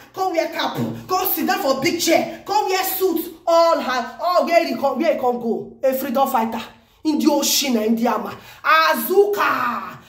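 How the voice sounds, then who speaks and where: A Nigerian woman vlogging news commentary in an excited, exclamatory way, repeating phrases for emphasis. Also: high voice, reverberant. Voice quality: animated, exclamatory, repeats herself.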